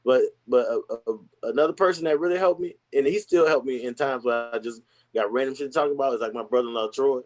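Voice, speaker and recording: A man's voice: mid-range voice, quick pace. A man speaking candidly and earnestly in casual conversation, rambling with restarts and slang. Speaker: podcast guest.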